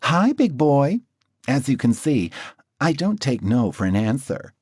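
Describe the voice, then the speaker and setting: A man's voice: medium pitch, very animated, measured pace, a little mellow, breathy edge, no room sound, clean studio sound, voice pushed up. A man voicing an effeminate, flirtatious male caller with a slight lisp in an audiobook. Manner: coy, teasing. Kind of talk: audiobook character voice.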